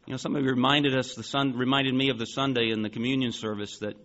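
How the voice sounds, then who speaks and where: Animated storytelling pastor in his forties. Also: mid-range voice, fast talker, muffled recording. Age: 40s. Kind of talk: sermon.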